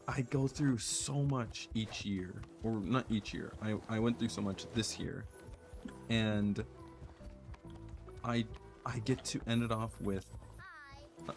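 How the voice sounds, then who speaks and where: A young man streaming a game, talking in a soft, earnest, rambling way with many fillers and restarts. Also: fairly low pitch. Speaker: gaming streamer. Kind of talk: reflective casual chat while playing.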